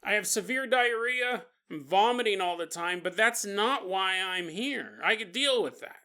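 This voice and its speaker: Man putting on a sick, whiny patient, bright-toned, pleading, comedy podcast bit. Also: high-pitched, lively intonation, normal speed. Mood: miserable. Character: sick miserable man at the doctor.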